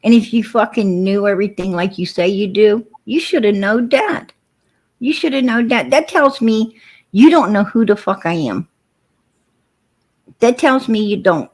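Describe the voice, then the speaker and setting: A woman's voice: medium pitch, measured pace, darkish tone. A woman hosting a livestream, telling stories and arguing with viewers in a blunt, profane way. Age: adult with four kids. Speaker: livestream host. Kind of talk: casual livestream talk.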